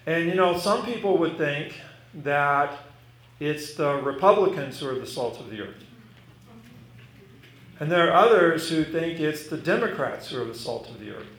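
A man's voice: on the high side, animated, moderate pace, fairly bright tone. A man preaching a sermon as pastor, stressing key words and repeating his main lines. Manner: emphatic, repeating key phrases. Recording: echoey room with some noise.

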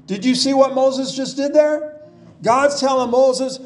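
A man delivers a sermon in a casual, talking-it-through manner, retelling scripture and posing rhetorical questions. His voice sits high for a man and he takes his time. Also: takes it slowly, darkish tone. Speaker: pastor.

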